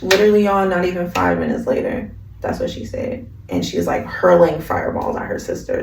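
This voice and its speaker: A woman's voice: fairly low pitch, very animated, brisk, gravelly, darkish tone, distant mic. A woman vlogger in a slangy, chatty casual recap of an anime, recorded in an echoey room. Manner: slangy, chatty, lots of fillers.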